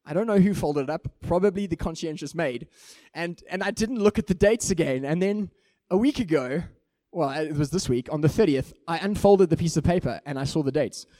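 A man's voice: on the high side, fairly quick, dry recording, studio quality. A male pastor with a South African accent, telling a story in a sermon and acting out the lines of each person in it. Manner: animated, acts out each character in the anecdote.

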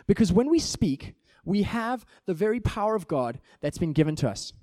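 A man preaching a sermon in an animated way, acting out small everyday scenes to make his points. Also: high-pitched, moderate pace, no room sound, clean studio sound.

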